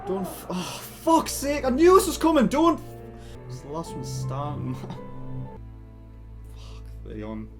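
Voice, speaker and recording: A man giving live reaction commentary, swearing often and crying out in excitement. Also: high voice, slow, pauses often, music in the background. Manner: swears a lot, cries out in excitement. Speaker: video reactor.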